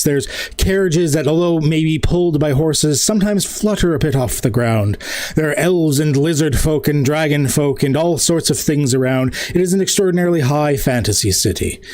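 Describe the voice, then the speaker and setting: A man's voice: a little high, a little mellow. A man from Canada, game master of a tabletop game, narrating in a jokey, chatty way.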